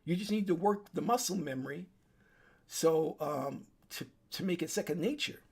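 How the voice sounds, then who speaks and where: With vocal fry and a breathy edge, a man's fairly high voice moves at normal speed. The online commentator speaks alone to his desk webcam in an urgent, preachy warning, restating points and restarting his sentences.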